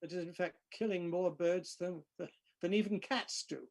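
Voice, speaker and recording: A man's voice: high-pitched, fairly even intonation, moderate pace. An English man, a physicist guest, chatting with dry joking understatement. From England. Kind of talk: casual chat.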